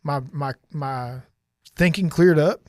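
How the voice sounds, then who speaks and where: A man's voice: a little high, slow pace, no room sound, clean studio sound. A middle-aged man earnestly telling a personal story on a podcast, rambling and often restarting his sentences. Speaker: podcast guest sharing testimony.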